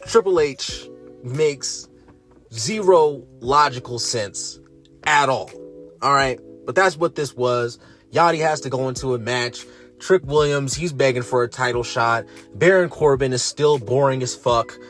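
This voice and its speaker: A man's voice: mid-range voice, measured pace, fairly bright tone, faint music behind. Profane, exasperated man ranting. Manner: profane, sarcastic, exasperated, voice rising in disbelief. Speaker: wrestling show reviewer. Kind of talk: ranting show review.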